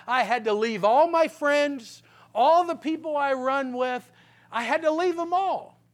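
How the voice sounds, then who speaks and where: A man with a strikingly high voice tells his life story from the pulpit. He is folksy and direct, keeps checking in with the crowd, and drops to low, serious tones for the hard parts. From Pennsylvania. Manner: animated storyteller, swings from loud punchlines to low grave tones; folksy, talks straight to the audience with "okay?". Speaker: guest speaker giving a testimony. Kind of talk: testimony sermon, storytelling.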